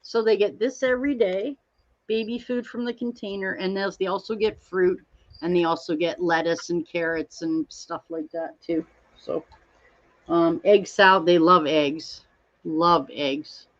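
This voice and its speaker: Woman host, unhurried rambling chat with viewers, dull lo-fi sound. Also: on the low side, steady tone. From Canada. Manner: chatty, rambling, reads out and greets viewers by name. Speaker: livestream host.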